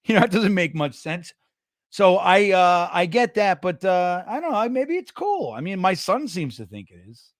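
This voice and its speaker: A man's voice: sits high, moderate pace, dry recording, clean studio sound. A middle-aged man hosting a casual livestream show, rambling and cursing as he reads out the live chat. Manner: rambling, profane, excitable. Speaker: podcast host reading live chat.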